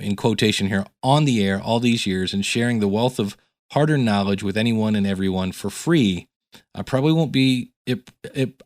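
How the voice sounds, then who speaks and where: A man's voice: mid-range voice, no echo, studio quality. A middle-aged male podcast host and teacher talking casually in a solo episode, telling stories and reading listener emails aloud. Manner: storytelling, reads emails aloud.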